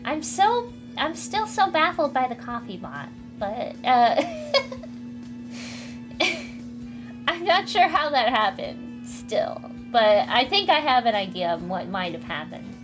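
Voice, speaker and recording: A woman streams from her home with a fairly high voice, chatting and giggling between comic pages. She is quick to thank viewers, and faint music plays softly under her talk. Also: big pitch swings. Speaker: streamer reading comics aloud. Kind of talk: casual livestream chat. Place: home room. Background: faint music, dryer running.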